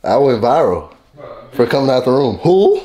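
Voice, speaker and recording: A man's voice: mid-range voice, lively intonation, normal speed, mellow. A young man, teasing and laughing in a casual prank vlog. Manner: playful, teasing, laughing often. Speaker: vlogger. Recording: echoey room with light noise.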